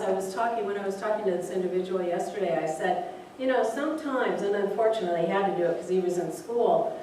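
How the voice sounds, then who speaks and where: A woman's voice: medium pitch, mellow. A woman reverend tells a story during a spiritual talk, speaking conversationally and turning often to her listeners. Her voice sounds distant in a very echoey room. A faint noise runs underneath. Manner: conversational, speaks directly to the group. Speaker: reverend leading a spiritual group.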